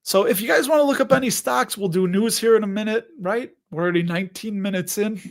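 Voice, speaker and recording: Casual guy in his 40s, pretty high voice, chatting and joking on a livestream. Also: quick pace. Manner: chatty, joking, answering viewer questions. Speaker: host of investing livestream.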